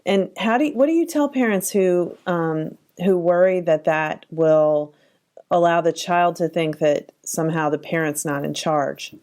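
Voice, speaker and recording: A woman hosting a therapy podcast, with a voice sitting a little on the low side. She agrees warmly with her guest's examples and follows up with thoughtful questions. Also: a little slow. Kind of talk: podcast interview.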